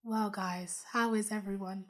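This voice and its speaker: Woman, hoarse from bronchitis, casual podcast chat, steers the conversation, suppressed laughter. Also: medium pitch, fairly even intonation, a little slow, soft background music. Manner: steers the talk, holds back laughter. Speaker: podcast co-host.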